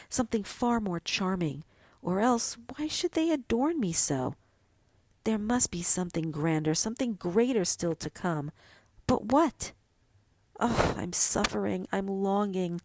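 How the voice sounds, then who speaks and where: A woman's voice: mid-range voice, darkish tone, close to an everyday voice. A woman voicing a young fir tree who is restless and yearning, asking eager, pleading questions in a storybook reading.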